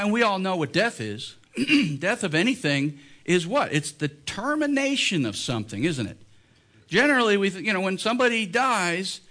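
Man, church pastor preaching; bright, forceful tone, pushes up in pitch for emphasis. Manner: emphatic, rising in pitch when stressing points. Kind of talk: sermon.

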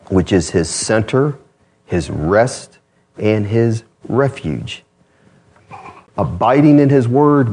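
A man preaching a sermon as pastor, conversational, with self-deprecating asides and lively swings in pitch.

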